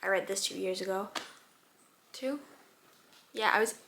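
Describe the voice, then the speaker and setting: A woman in her early twenties talks casually about a book, gushing and animated. Her voice sits mid-range and now and then drops to a near-whisper. A faint background noise runs underneath. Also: medium pitch, measured pace, creaky. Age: 20s. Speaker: booktuber reading vlogger. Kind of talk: casual chat.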